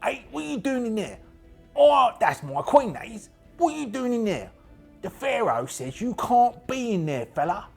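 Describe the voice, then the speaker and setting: A man voicing a brash, animated male statue of a god who talks like a rough street tough, cheeky and repetitive. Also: very high voice, measured pace, faint music behind, voice pushed up, heavily acted. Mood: cheeky, belligerent. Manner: cheeky, needling, repeats itself.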